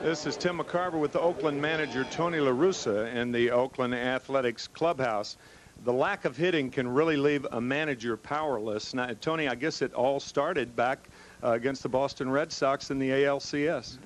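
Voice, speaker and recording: A man, a broadcast reporter, putting low-key conversational questions in a clubhouse interview. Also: moderate pace, low-quality recording. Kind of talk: post-game interview questions. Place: losing team's clubhouse. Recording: crowd noise behind.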